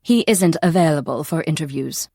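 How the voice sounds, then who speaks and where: A woman's voice: deep voice, animated, normal speed, darkish tone, husky, dry recording, heavily acted. A woman voicing a stern, suspicious female café owner who speaks in an exaggerated fake French accent, in an audiobook. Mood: curt, suspicious. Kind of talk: audiobook character voice.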